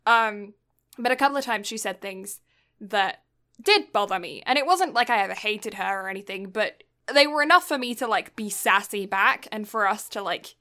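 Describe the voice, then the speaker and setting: A woman's voice: mid-range voice, moderate pace, sharp tone. A young woman from Britain telling a long story in casual chat, rambling with lots of fillers and getting exasperated.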